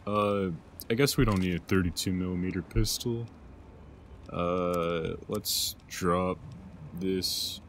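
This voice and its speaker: A man's voice: deep voice, fairly even intonation, takes it slowly, a little hiss or hum. A man giving casual gameplay commentary as a let's play host, rambling and self-deprecating, with lots of hesitant fillers.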